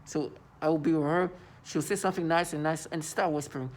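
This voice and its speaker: A man's voice: on the high side, steady tone, a little fast, a little hiss or hum. A man talking to the camera in an agitated monologue, often stammering and repeating words. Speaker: vlogger.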